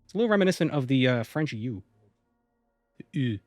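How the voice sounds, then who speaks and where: This game streamer has a fairly high, animated voice and talks rapid-fire on a dry recording with soft music underneath. He chats casually, reading viewer comments aloud and then replying.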